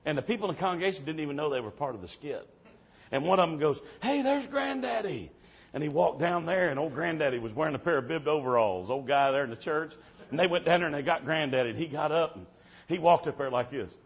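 A man preaching a storytelling sermon, swinging from hushed tones to shouting. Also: on the high side, fast talker, slightly rough, dull audio.

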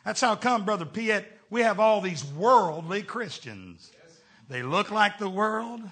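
An older preacher with a drawl, telling homespun stories with plenty of humor. His voice sits high and swings widely in pitch, and it has a bright, forceful edge. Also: animated, takes it slowly. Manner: folksy storytelling preacher with humor. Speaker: pastor. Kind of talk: sermon.

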